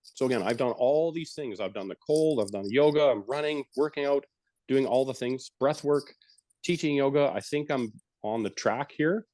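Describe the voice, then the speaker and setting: A middle-aged man leads a calm breathing exercise, then tells his story frankly and casually, sometimes swearing. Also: mid-range voice, moderate pace, no room sound. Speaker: retired police officer and yoga teacher, guest speaker. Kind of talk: guided breathing, then candid personal story.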